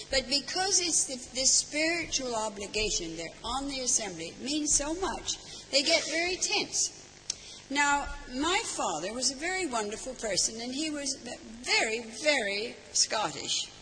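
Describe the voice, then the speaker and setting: Older woman, high lively voice, echoey hall. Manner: earnest, emphatic, repeats words for stress. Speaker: speaker. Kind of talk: reflective religious talk with anecdotes. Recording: long hall reverb, faint hiss.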